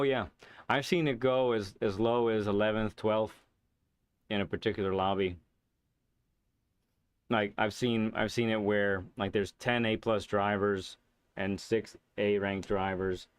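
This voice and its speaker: A laid-back man hosts a live game stream, answering chat in a loose, meandering way with plenty of fillers and soft chuckles. His voice sits somewhat low. The sound is close and dry, with no room around it. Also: smooth, dry recording. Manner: relaxed and rambling, with many fillers and chuckles.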